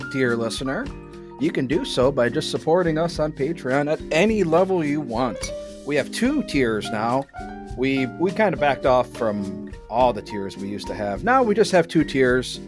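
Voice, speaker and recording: A man, narrating a tabletop game as game master in a casual, halting way with many restarts. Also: medium pitch.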